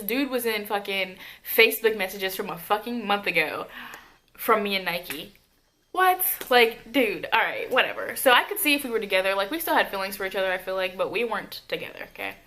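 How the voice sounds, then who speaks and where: Bright-voiced young woman telling a story. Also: medium pitch. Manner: profane, animated retelling with asides. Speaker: vlogger. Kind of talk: casual storytime monologue.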